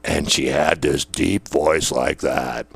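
A man's voice: very deep voice, steady tone, slow pace, vocal fry, slightly rough, no echo. A man and former police dispatcher telling old work stories in a rambling, casual way, full of fillers and laughter. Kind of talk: casual storytelling.

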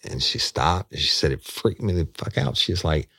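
A man's voice: deep voice, very animated, normal speed, vocal fry, a bit bright, husky, no echo, clean studio sound. A man casually recounting a detective case, rambling off into road directions and swearing freely. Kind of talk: casual spoken storytelling.

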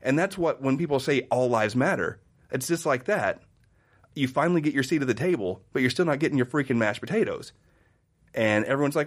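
This time his voice sits at a medium pitch and moves a little fast. The Midwestern guest keeps telling stories animatedly in the casual conversation, acting out the voices he quotes.

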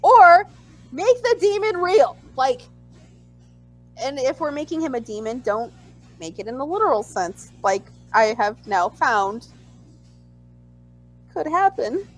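A woman co-hosting a casual chat, animated and acting out her own reactions in squeals. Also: high voice, slow, pauses often, soft background music, rough recording. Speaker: podcast co-host.

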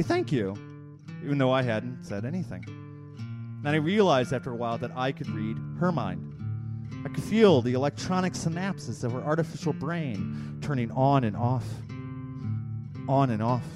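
A man performing a rhythmic spoken-word slam poem live on a stage mic, repeating lines and building to shouts. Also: mid-range voice. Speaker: slam poet.

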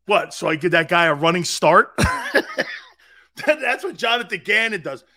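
A middle-aged man hosts a sports talk show, loud and boisterous, laughing a lot and mocking people through impressions. His voice is high and animated, and he speaks at a moderate pace.

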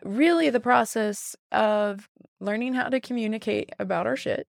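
A woman's voice: fairly high pitch, normal speed, creaky, dry recording, clean studio sound. A woman hosting a podcast, telling stories animatedly and acting out quoted dialogue with frequent laughs. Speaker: podcast host, therapist. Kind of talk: casual conversational podcast.

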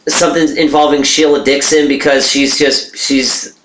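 A man's voice: a little high, little pitch movement, moderate pace, noisy background. A stoned man with an East Baltimore accent, co-hosting a podcast in brash, laughing, profane banter. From East Baltimore, USA. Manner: brash, laughing, swears constantly. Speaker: podcast co-host. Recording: echoey room.

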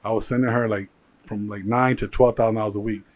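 A man with a low voice, a guest in a casual interview, recounting his rise in business. He tells it in an animated way, with lots of "like" fillers. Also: fast talker. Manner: animated storyteller with many "like" fillers. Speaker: guest, jeweler and entrepreneur.

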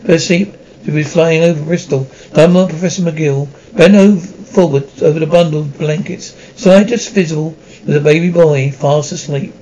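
A man reading a children's novel aloud as an amateur audiobook, halting, with frequent slips and restarts. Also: fairly high pitch, warm tone. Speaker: audiobook reader. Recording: dull lo-fi recording.

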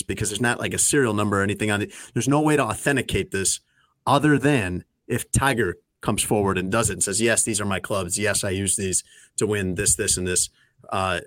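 A man's voice: lowish voice, a bit bright, no room sound. A man in his thirties or forties hosting a sports talk show, recapping news in a conversational, dry way. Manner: conversational, dry, lots of fillers. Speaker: sports radio host.

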